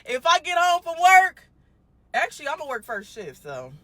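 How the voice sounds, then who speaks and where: A young woman hosting a casual livestream chat. She talks bluntly and swears freely, and her volume swings between loud and quiet. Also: high voice, wildly swooping pitch, normal speed, dry recording. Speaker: livestream host.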